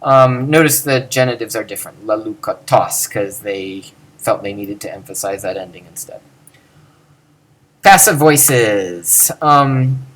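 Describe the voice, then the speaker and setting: Slow, musing man teaching grammar. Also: mid-range voice, a bit bright. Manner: thinking aloud, many fillers and self-corrections, slow drawn-out pronunciations. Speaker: teacher explaining Greek grammar. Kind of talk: informal recorded lecture.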